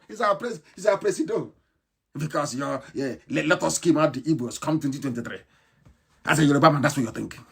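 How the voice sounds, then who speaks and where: A man delivers a live broadcast speech in a husky, breathy voice. He rants with open scorn, firing off rhetorical questions and sometimes erupting into shouts. His pitch leaps and plunges as he drives each point home. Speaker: political activist broadcaster.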